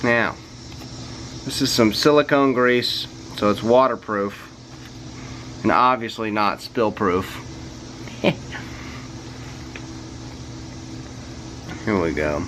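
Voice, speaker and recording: A man's voice: on the low side, a bit bright, slight background noise, poor audio. A man casually explaining pressure washer maintenance and equipment in a playful, joking vlog. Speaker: pressure washing business owner.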